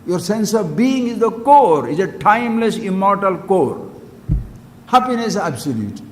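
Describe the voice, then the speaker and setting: A man delivers a spiritual discourse in a high voice. He talks emphatically, swinging his pitch and loudness and questioning his listeners directly. The recording carries a long hall reverb and a faint hiss underneath. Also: very animated, measured pace. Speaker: spiritual teacher.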